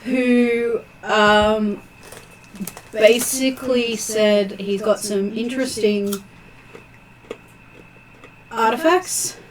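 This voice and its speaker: A woman player recapping the last tabletop session, with frequent ums and pauses. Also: a little high, crowd noise, rough recording.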